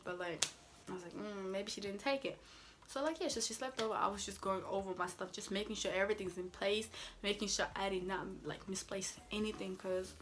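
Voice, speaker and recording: A woman's voice: medium pitch, a bit bright, slight background noise. A young woman telling a story on her vlog in a casual, emphatic, sassy way, filling her talk with "like" and firm "mm-mm"s. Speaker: vlogger.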